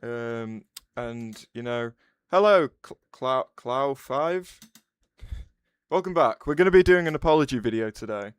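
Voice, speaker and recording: A man's voice: mid-range voice, lively intonation, measured pace, clean tone, no echo. A man hosting a casual livestream, rambling, restarting his sentences and answering chat messages aloud.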